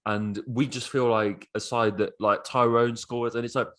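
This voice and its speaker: A man co-hosting a casual football podcast, excitable and swearing freely. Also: mid-range voice, moderate pace. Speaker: podcast co-host.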